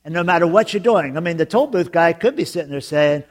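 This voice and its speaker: A man preaching a sermon as pastor, telling jokes and stories in an animated way. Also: fairly high pitch, quick pace, hardly any pauses. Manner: joking, animated storytelling with laughs.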